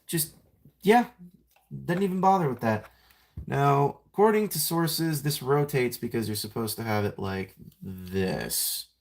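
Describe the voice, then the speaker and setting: A man's voice: mid-range voice, expressive, measured pace, vocal fry. A young man chatting casually on a live stream while transforming a toy figure, rambling, self-mocking and greeting viewers by name.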